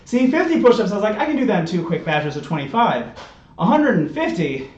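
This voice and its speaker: A man's voice: high voice, very animated, fairly quick, a little mellow, muffled recording, a little hiss or hum. A man streaming a video game, chatting casually with his chat and joking about his exercise punishments. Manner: chatty, joking, self-mocking.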